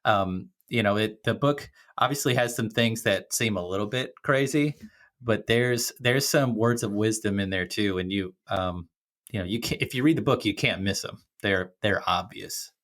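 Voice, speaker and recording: A man's voice: on the low side, normal speed, fairly bright tone. A man co-hosting a podcast in casual chat, upbeat and easygoing. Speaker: podcast co-host.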